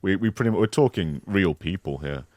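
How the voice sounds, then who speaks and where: A man co-hosting a podcast, playfully improvising a mock game pitch in casual chat. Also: expressive, darkish tone, dry recording, studio quality. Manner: playful, joking improv pitch with quick voice switches.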